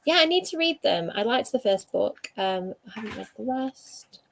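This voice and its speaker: A woman's voice: on the high side, expressive, moderate pace, gravelly, a little hiss or hum. A woman hosting a casual livestream, chatting about books and reading out viewer comments with lots of fillers. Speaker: livestream host.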